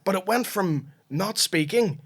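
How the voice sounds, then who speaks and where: A man with a Northern Irish accent, a comedian guest telling animated stories in casual podcast chat and swearing freely. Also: high-pitched, unhurried.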